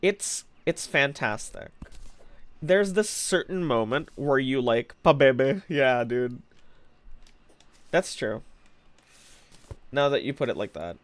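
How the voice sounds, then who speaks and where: A man's voice: mid-range voice, expressive, slow, pauses often, a bit bright, no echo. A young man streaming live, chatting playfully with his viewers and laughing often. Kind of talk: casual live-stream chat.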